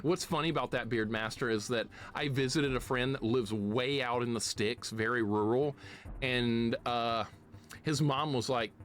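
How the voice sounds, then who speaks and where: A man from the southeastern United States with a slight Southern city accent, chatting excitedly while streaming a game and greeting viewers. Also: medium pitch, moderate pace. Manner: chatty, excitable, laughs often, greets chat. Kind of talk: live gameplay commentary.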